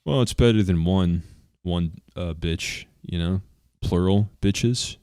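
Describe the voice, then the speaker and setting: Deep-voiced young male co-host, dry teasing delivery, casual podcast chat. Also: takes it slowly, darkish tone, smooth, no room sound. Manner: dry teasing, blunt insults.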